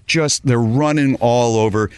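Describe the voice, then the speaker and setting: A man's voice: mid-range voice, measured pace, smooth, no echo, clean studio sound. A man hosting a radio show, telling a story in casual chat and acting out the people in it. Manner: animated, acts out quoted voices.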